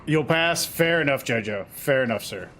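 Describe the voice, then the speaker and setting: A man's voice: mid-range voice, expressive, normal speed, fairly bright tone, slight background noise. A man in his forties, a game streamer, chatting casually with his viewers in an easygoing way and greeting them by name. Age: 40s. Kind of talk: casual live-stream chat.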